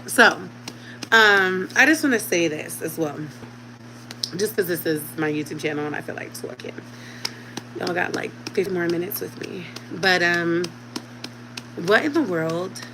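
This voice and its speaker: A woman's voice: on the low side, a little slow, long pauses, noisy background. A woman in her thirties, a mother talking casually at home to her channel's viewers, chatty and direct with them. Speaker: vlogger. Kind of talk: casual chat to camera.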